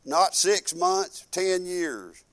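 A man preaches in church with a notably high voice. His delivery is folksy and fervent, swinging from loud proclaiming down to quiet, reflective asides. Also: lively intonation, extremely slow. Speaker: pastor. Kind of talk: sermon.

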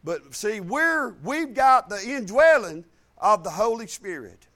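Very animated and at a measured pace, a man preaches a live sermon. He rises in pitch and volume on important points, falls quiet for asides, and frequently repeats words.

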